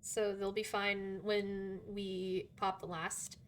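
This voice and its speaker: A woman chatting casually while gaming, quickly explaining tactics to a teammate. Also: mid-range voice, little pitch movement, a little hiss or hum.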